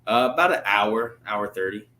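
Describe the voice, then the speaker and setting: A man's voice: fairly low pitch, expressive, normal speed, sharp tone. Laid-back young man from Louisiana. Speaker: guest fighter. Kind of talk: casual interview chat.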